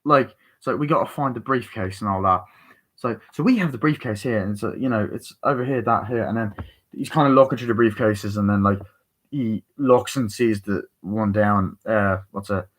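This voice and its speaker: A man casually reviewing a film, swearing freely and acting out the characters' lines in a raised, excited voice. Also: on the low side, normal speed. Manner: excited, profane, acts out quotes in raised voice. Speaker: movie reviewer.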